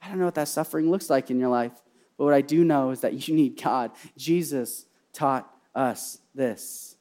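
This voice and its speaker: A young man preaching a sermon, repeating key phrases and swinging from hushed personal storytelling to loud, fervent cries. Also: mid-range voice, moderate pace. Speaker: pastor.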